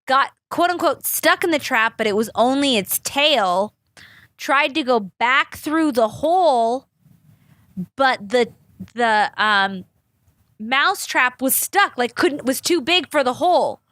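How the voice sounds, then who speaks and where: A woman's voice: a little high, bright, forceful tone, dry recording. A young woman hosting a podcast, telling stories in a chatty, rambling way, swearing freely and acting out the people she quotes. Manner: acts out quoted people in big voices. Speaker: podcast host. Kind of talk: casual storytelling chat.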